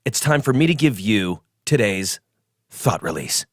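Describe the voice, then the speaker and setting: A man's voice: lowish voice, a little slow, dry recording, clean studio sound. Boastful man with a wildly swinging voice. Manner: self-absorbed, boastful, rising to excited outbursts. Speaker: podcast host. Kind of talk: comedic monologue.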